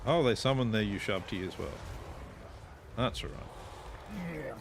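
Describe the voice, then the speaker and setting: A man's voice: medium pitch, very animated, slow pace, gravelly, noisy background. An Australian man giving casual commentary while playing a strategy game, chatting, swearing freely and talking to his units. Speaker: gameplay streamer.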